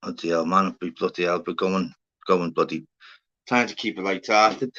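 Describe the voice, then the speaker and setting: A man's voice: deep voice, normal speed, sharp tone. A middle-aged Scouse man chatting casually on a livestream, swearing freely and calling his viewers mate and fella. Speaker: livestream host. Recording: slightly dull lo-fi sound.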